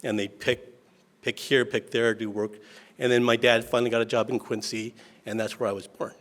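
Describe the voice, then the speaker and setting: A middle-aged man from Washington State speaks off the cuff at an event in a mid-pitched voice. He tells homespun, self-deprecating stories and keeps restarting his sentences. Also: flat delivery, fairly quick. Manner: folksy, self-deprecating storytelling with many restarts. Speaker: state legislator giving remarks. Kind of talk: informal speech at an event.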